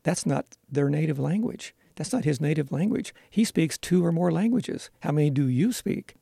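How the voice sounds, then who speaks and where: A man's voice: fairly high pitch, animated, moderate pace, creaky, mellow, breathy edge, no room sound, studio quality. A man who teaches school, answering interview questions in an earnest, explanatory way with frequent fillers.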